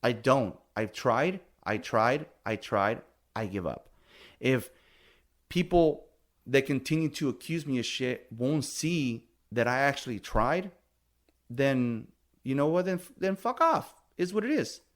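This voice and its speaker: Middle aged guy ranting on a podcast, cussing a lot, defensive, regular pitch. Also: expressive, a little slow. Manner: blunt, heated, swears a lot, defensive. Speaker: podcast host. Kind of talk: casual chat.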